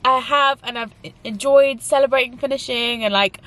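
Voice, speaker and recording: A woman's voice: high-pitched, moderate pace, fairly bright tone. A young woman talking in a casual, emotional vlog, rambling with lots of fillers. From England. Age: young adult. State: tearful at times. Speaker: YouTuber.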